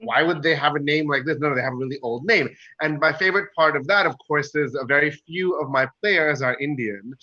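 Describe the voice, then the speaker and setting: Brief: male guest, bright and forceful tone, somewhat high voice, muffled lo-fi sound. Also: fairly quick, hardly any pauses. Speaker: roundtable guest, game master. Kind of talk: casual chat.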